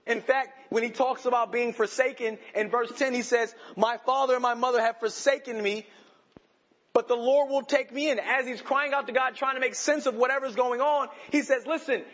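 A man preaching a sermon, moving between urgent, passionate pleas and quiet, reflective asides. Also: very high voice, steady tone, normal speed, lo-fi sound. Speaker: pastor.

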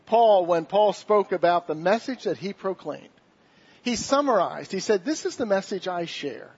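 Male pastor, high husky voice, earnest sermon, dull lo-fi church recording. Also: expressive, normal speed, a little mellow.

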